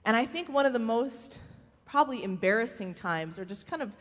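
A woman with a fairly high voice tells humorous faith stories to a live audience. She is an animated storyteller who slips into other people's voices and laughs easily. Her voice rings out with the long reverb of a large hall. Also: brisk. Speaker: speaker giving a faith talk.

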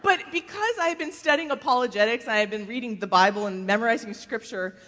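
A woman giving a humorous faith testimony to a live audience, telling animated stories, acting out other people's voices and laughing often. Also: on the high side, quick pace. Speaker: speaker giving a faith talk. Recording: long hall reverb.

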